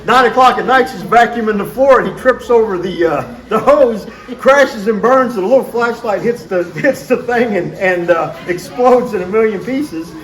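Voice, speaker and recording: A man's voice: high voice, normal speed, a bit bright. A man hosting a show, telling rambling family stories and often laughing as he goes. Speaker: show host. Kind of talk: casual storytelling. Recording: roomy echo.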